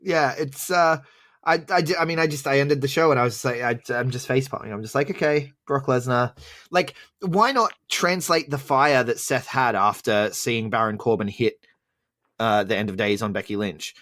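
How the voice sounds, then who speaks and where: An easygoing man co-hosting a casual podcast chat at a middling pitch. He is quick to agree with his co-host and laughs along readily. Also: a bit bright.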